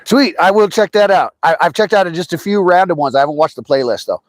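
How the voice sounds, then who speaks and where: Outdoors by a trout stream, a man livestreams his fishing, chatting casually and greeting viewers by name. His voice is high-pitched and quick, with no echo, and he gets excitable when a fish bites.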